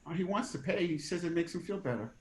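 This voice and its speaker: An actor playing a blunt, stammering, working-class grieving brother with a New Jersey accent. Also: male voice, a little high, expressive, fast talker, close to an everyday voice. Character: rough, blunt grieving younger brother, middle-aged. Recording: roomy echo.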